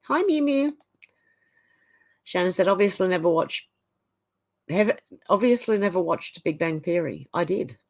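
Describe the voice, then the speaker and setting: A woman from Australia, hosting a livestream, voices viewer comments and chats back informally. Her fairly low voice is gravelly and a little mellow, delivered at normal speed.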